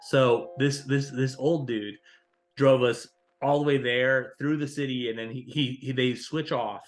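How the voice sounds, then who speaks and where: A man's voice: medium pitch, measured pace, faint music behind. A man hosting a podcast, telling a long story in casual chat, swearing often and rambling with restarts. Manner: profane, rambling, animated storyteller. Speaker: podcast host.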